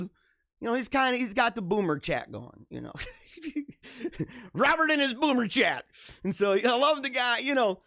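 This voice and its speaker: Animated, jokey man hosting a live stream. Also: very high-pitched, normal speed, dry recording, clean studio sound. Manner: animated, jokey, laughs often. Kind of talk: casual live stream chat, reading viewer comments.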